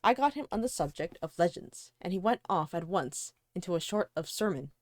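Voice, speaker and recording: A woman's voice: lowish voice, expressive, a little fast, dry recording. A woman reading a novel aloud for a casual book club, giggly between passages. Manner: giggly, reads long passages. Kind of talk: casual read-aloud and chat.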